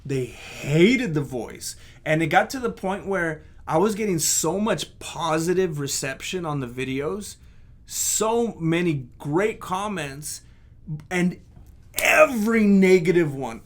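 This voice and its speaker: A man's voice: high voice, big pitch swings, slow pace. Candid, hesitant man with a raised voice. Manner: candid, self-critical, hesitant. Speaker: video creator. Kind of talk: casual reflective commentary.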